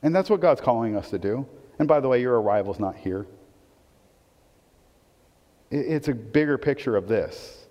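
Animated pastor preaching in a reverberant hall. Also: male voice, mid-range voice, normal speed, long pauses. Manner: animated, swings between loud emphasis and quiet asides; conversational, asks the audience questions. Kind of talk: sermon. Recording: dull, long-reverb hall recording.

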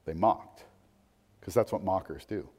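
A man delivering a sermon in a large church hall, his voice trailing off into long reverb. He shifts between soft, reflective asides and loud, emphatic stretches. He keeps asking the congregation rhetorical questions. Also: sits low, unhurried, husky. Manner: swings from quiet musing to loud, emphatic preaching. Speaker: pastor.

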